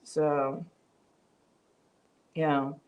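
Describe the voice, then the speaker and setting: A woman's voice: sits low, flat delivery, drawn-out words, lo-fi sound. A woman hosting a live-stream vlog, talking reflectively with frequent fillers and restarts, reading viewer comments aloud. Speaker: vlog host. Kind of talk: casual live-stream talk.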